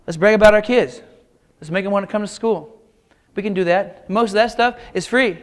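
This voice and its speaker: Speaking a little fast in a high voice, this middle-aged Kansan delivers a motivational keynote full of folksy jokes and stories. He addresses the audience directly from the stage of a large auditorium.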